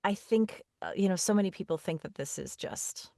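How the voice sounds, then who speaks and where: A woman hosting a podcast interview, speaking in an earnest, soft-spoken and affirming way. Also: mid-range voice, lively intonation, brisk, gravelly, no room sound, studio quality. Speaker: podcast host. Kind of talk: conversational interview.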